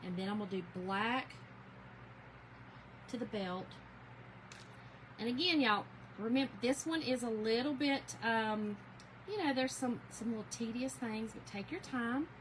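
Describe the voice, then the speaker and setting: A woman from Georgia with a Southern US accent, chatting casually with viewers as a crafting livestream host, folksy and quick to laugh. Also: on the high side, a little hiss or hum, low-quality recording.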